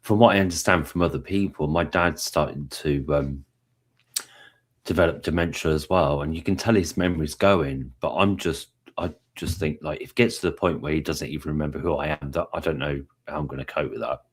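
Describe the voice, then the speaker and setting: A co-host talks in a very deep, husky voice. The delivery is soft-spoken and sympathetic throughout a casual chat. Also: brisk.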